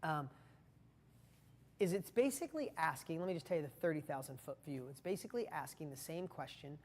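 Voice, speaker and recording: A man's voice: fairly high pitch, lively intonation, brisk. A man pours himself into a motivational talk, earnest and intense, turning again and again to address the listener directly. His voice rings out with a long hall reverb behind it. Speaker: motivational speaker.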